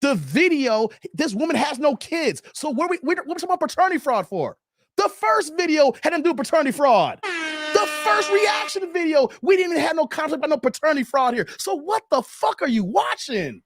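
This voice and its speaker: A man in his thirties hosting a live stream, ranting bluntly and profanely, repeating himself and swinging between loud high bursts and low mutters. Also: big pitch swings, fast talker, creaky, dry recording. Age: 30s. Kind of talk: ranting commentary to a live chat.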